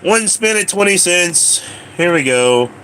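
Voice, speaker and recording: A man's voice: high voice, lively intonation, measured pace, bright, forceful tone, slight background noise. A man streaming himself at slot machines, out of breath, coughing often and grumbling at the machine in casual chat. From Colorado, USA.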